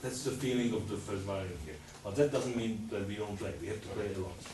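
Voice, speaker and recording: A man's voice: fairly low pitch, fast talker, distant mic, noisy background. A man coaching a string quartet in a master class, singing out rhythms and repeating his instructions. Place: rehearsal room with musicians. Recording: roomy, from afar, music playing.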